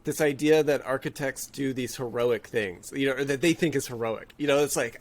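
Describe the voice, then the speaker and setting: Guest voice: man, mid pitch, casual podcast chat, thinks aloud and restarts sentences. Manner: thoughtful, halting, with frequent restarts.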